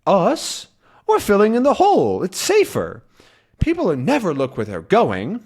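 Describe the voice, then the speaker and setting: A man voicing a bumbling, self-important detective who talks in a quick, smug, matter-of-fact way. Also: high-pitched, huge pitch swings, darkish tone, husky, voice pushed up, heavily acted.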